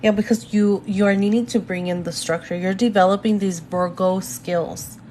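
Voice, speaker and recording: A young woman gives an astrology reading live from her phone at home, talking straight to her viewers. She is chatty and drifts off on tangents. Her voice sits at an ordinary middle pitch, with a faint hiss underneath. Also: fairly even intonation, moderate pace, a little mellow. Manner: chatty, goes off on tangents, addresses viewers directly. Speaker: astrology reader. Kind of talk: live-stream reading, casual chat.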